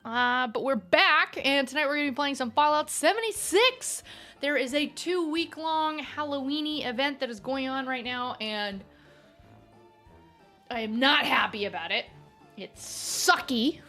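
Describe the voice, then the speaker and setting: A woman's voice: high-pitched, unhurried, sharp tone, faint music behind. A woman hosting a casual live stream, playful and giggly, greeting her chat by name.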